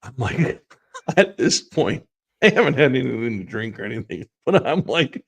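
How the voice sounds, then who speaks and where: A man's voice: mid-range voice, sing-song, moderate pace, gravelly, husky. A man co-hosting a sports talk show, telling rambling stories and laughing through them. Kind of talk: casual storytelling chat.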